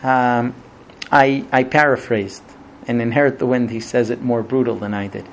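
A man's voice: medium pitch, fairly even intonation, normal speed, a little hiss or hum. A man giving a Bible lesson, telling the story animatedly and acting out quotes. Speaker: Torah teacher.

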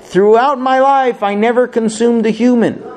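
A man's voice: very high voice, fairly even intonation, normal speed, a little mellow, pitched above the performer's own voice. A man voicing a grieving male wolf who pleads and swears solemn oaths in a storybook retelling. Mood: pleading, solemn.

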